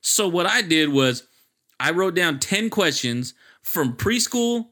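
Bright, laughing male podcast host. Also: high-pitched, very animated, slow pace. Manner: laughing, profane storyteller. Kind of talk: casual chat.

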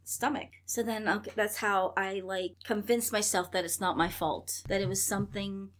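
A woman in her thirties, a guest in a conversational interview, tells her story in an earnest, rambling way, quoting herself and others in dialogue as she acts out what was said. Her medium-pitched voice keeps a steady tone at normal speed.

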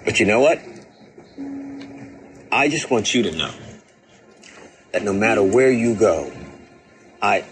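An actor playing a father saying a halting, tender goodbye to his young son in a TV drama scene. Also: on the low side, animated, low-quality recording. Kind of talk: TV drama acting. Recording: TV clip with music score behind.

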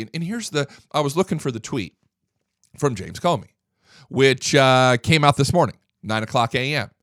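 Man, talk radio host, emphatic and heated, lively pitch, dry studio sound. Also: dry recording. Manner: heated, emphatic, repeats himself. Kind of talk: political talk radio commentary.

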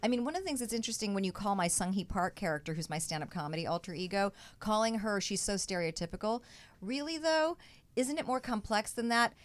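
A woman's voice: mid-range voice, lively intonation, fast talker. A woman who is a comedian and actress, explaining her views earnestly and emphatically as a talk show guest.

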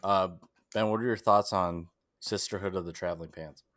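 A man's voice: low-pitched, fairly even intonation, moderate pace, fairly bright tone, no echo, studio quality. A man co-hosting a casual podcast, joking playfully with his friends about a movie. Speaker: podcast co-host.

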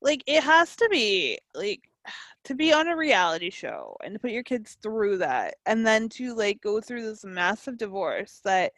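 A woman hosting a casual chat, agreeable and quick to laugh along. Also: mid-range voice, big pitch swings, fairly bright tone, no room sound.

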